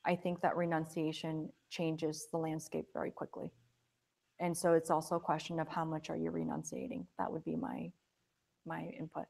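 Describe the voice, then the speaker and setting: A woman's voice: sits low, level tone, normal speed, gravelly, darkish tone. A young adult woman giving a casual, conversational Buddhist teaching, sometimes acting out quoted voices. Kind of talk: casual dharma talk.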